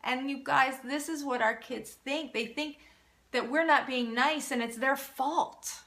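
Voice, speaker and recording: A woman's voice: sits high, fairly even intonation, unhurried, a bit bright. A woman who is a parenting coach, hosting a live Q&A and talking in an earnest, encouraging way, often restarting her sentences. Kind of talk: casual live-stream Q&A talk.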